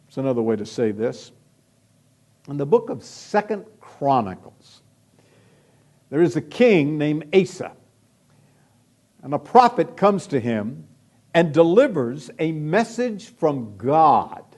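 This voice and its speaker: Male pastor, sermon delivery, slow and deliberate, very animated pitch, slightly high voice. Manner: emphatic preaching with varied, lively delivery; slow and deliberate, drawing out key phrases.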